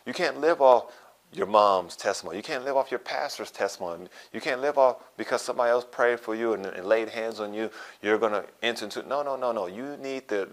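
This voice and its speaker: A man pastor preaching a sermon, repeating phrases for emphasis and checking in with "okay?". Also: mid-range voice.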